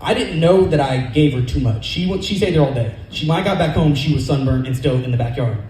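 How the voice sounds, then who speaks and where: A stand-up comedian man racing through his set in a slightly high, mellow voice. He rambles from story to story with plenty of swearing. His voice bounces around a roomy club. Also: slight background noise. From California. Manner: rapid, profane, rambling storytelling. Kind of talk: stand-up set at an open mic. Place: comedy club open mic night.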